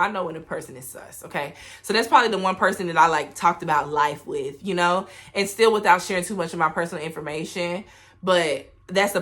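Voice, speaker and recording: A woman's voice: on the low side, fairly bright tone. A woman, casually telling travel stories to her camera in a candid, profane, chatty way. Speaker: travel vlogger.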